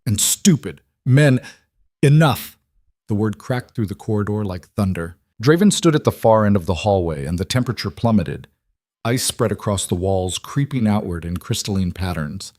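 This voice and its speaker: A man narrating a fantasy romance audiobook in a steady storytelling way. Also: on the low side, moderate pace, no echo, clean studio sound.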